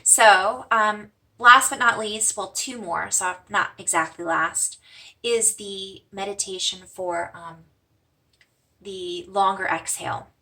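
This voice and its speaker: A woman gently teaching simple breathing exercises, slowing and softening her voice for the mantra lines. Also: mid-range voice, far from the mic. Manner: gentle, slows and softens for mantras, fades to whispers. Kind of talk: guided breathing lesson.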